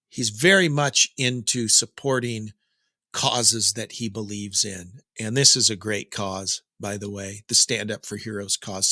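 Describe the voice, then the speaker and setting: A man's voice: medium pitch, pushed and bright, no echo, studio quality. A middle-aged man hosting a daily rock news update, chatting casually with jokes and digressions. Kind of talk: casual rambling commentary.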